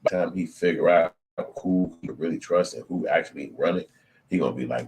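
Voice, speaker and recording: Brief: middle-aged man, very low voice, profane and animated commentary. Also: a little fast, slight background noise. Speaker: channel host. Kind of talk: casual commentary.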